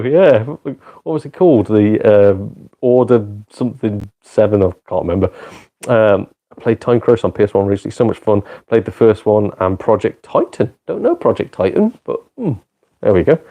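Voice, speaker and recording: A man's voice: lowish voice, warm tone. A man chatting casually with viewers on a live gaming stream. He is self-deprecating, swears and laughs often. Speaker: gaming live streamer and part-time comedian.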